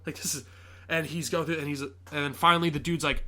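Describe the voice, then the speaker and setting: A man's voice: a little high, fast. A young man hosting a podcast, casually retelling a film scene by scene, acting out the characters and swearing often. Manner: animated storyteller, acts out scenes, swears often. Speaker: podcast host. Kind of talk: casual movie recap chat.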